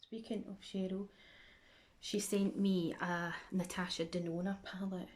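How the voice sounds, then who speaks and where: A woman's voice: medium pitch, little pitch movement, measured pace, a little mellow. A woman with a Scottish accent chatting and rambling through a makeup tutorial for her vlog, often dropping into a near whisper. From Scotland. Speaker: makeup vlogger.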